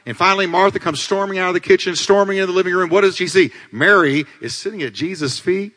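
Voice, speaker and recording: Male pastor, dramatic sermon delivery, bright and animated, reverberant sanctuary. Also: quick pace, hardly any pauses. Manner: dramatic preaching, swings between loud climaxes and low asides. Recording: long hall reverb.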